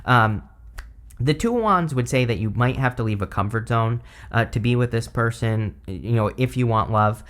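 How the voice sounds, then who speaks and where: A man in his thirties with a slightly hoarse voice, casually talking through a tarot reading, rambling and filling his speech with "like" and "you know". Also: medium pitch, expressive, moderate pace, fairly bright tone. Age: 30s. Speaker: tarot reader.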